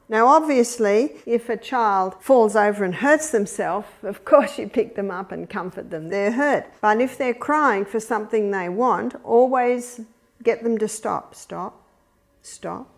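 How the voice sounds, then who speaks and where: A woman's voice: mid-range voice, a little slow. An older woman, a grandmother, giving an earnest, instructive Christian talk on raising children. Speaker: parenting speaker.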